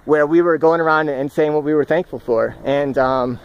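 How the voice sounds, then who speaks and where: A man recording a personal reflection vlog outdoors, speaking in an earnest, halting, searching way and often restarting his phrases. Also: fairly high pitch, clean tone, muffled recording. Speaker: vlogger. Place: outdoors, walking in the countryside.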